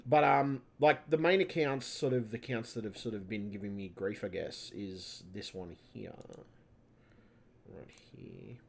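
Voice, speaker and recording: A man's voice: lowish voice, a little slow, vocal fry, slight background noise. A man rambling into his computer mic for a casual vlog, frustrated and swearing constantly, often restarting and trailing off. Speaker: channel host. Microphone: computer mic at home.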